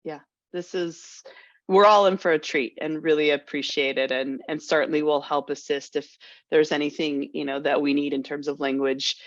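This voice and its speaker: A woman hosting a video call panel, introducing a guest with frequent restarts and pauses. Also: sits low, steady tone, dry recording. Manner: halting, restarts often. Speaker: host. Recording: dull dry video call audio.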